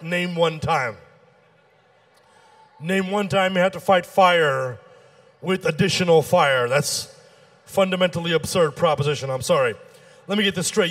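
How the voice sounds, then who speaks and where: Animated high-voiced man doing stand-up. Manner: animated storytelling, acting out dialogue with shifts in pitch. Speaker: stand-up comedian and emcee. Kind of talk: stand-up comedy set.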